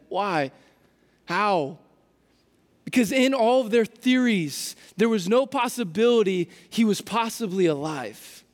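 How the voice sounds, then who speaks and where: Male pastor, high voice, chatty animated sermon delivery, big echoing hall. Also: slow pace. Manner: casual, animated storytelling with frequent restarts. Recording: long hall reverb.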